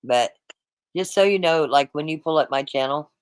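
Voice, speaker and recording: A man's voice: fairly high pitch, normal speed, smooth, no room sound, rough recording. A man hosting a livestream, talking straight to his chat in a rambling, repetitive, casual way. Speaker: livestream host.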